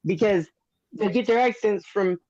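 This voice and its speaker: A man's voice: sits high, moderate pace, a little mellow, no room sound, muffled recording. A man in a casual live chat who explains things at length and swears casually.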